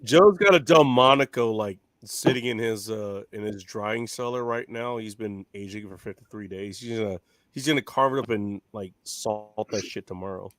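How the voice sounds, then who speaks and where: Brash, bright-voiced man cursing freely. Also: on the low side, moderate pace, no echo. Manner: brash, profane, rambling. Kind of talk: casual chat.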